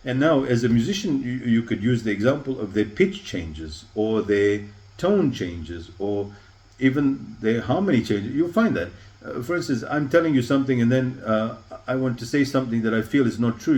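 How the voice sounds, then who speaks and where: A leadership coach thoughtfully explains ideas in a reflective interview, acting out short example lines. His medium-pitched voice is expressive and darkish at a normal speed, though the recording is rough.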